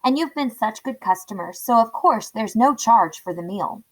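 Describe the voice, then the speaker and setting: A woman's voice: a little high, lively intonation, normal speed. A woman reading aloud, voicing a nervous, apologetic male restaurant owner who is eager to please. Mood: fawning.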